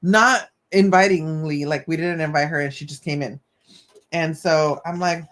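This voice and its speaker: A woman's voice: low voice, moderate pace. A woman hosting a casual live stream, telling chatty stories with mild cussing and Spanish asides while busy with a craft. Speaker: channel host.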